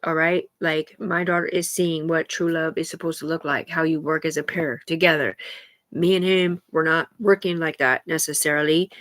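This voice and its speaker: A woman's voice: sits low, steady tone, normal speed, a bit bright. A woman talking alone on a live stream in a rambling, profane, agitated way, jumping from thought to thought.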